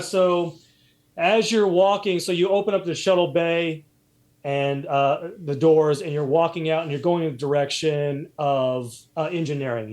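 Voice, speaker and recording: A man's voice: a little high, darkish tone. A man running a tabletop role-playing game as game master, narrating loosely with many fillers and restarts.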